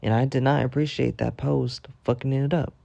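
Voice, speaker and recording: A man's voice: mid-range voice, steady tone, normal speed, vocal fry, warm tone, no echo. A young man telling a mock-dramatic storytime rant in slangy, swear-filled casual talk. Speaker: storytime vlogger.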